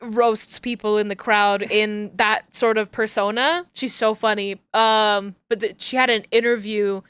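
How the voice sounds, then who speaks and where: A woman's voice: medium pitch, steady tone, unhurried, a bit bright, smooth, no room sound. A young adult woman streamer chatting casually and rambling with many fillers while playing a game. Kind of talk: casual chat while gaming.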